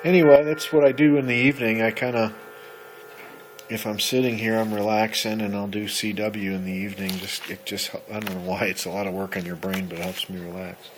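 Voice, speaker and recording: A man who operates amateur radio, talking casually and half to himself, halting and correcting himself as he works out what he copied. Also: lowish voice, level tone, a bit bright, a little hiss or hum, low-quality recording. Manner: musing aloud, halting and self-correcting. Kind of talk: casual talk to camera.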